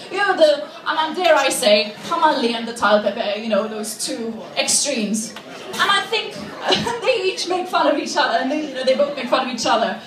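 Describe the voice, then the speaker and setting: A woman's voice: high-pitched, reverberant, recorded from a distance. A woman from Malta performing a chatty stand-up comedy set, laughing through her lines. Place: comedy venue on stage. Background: audience.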